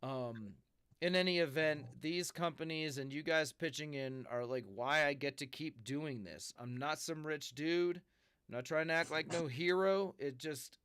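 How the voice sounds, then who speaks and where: Male podcast host, laid-back and slangy, smooth tone, dry sound. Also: fairly high pitch, a bit bright, no room sound. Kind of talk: casual chat.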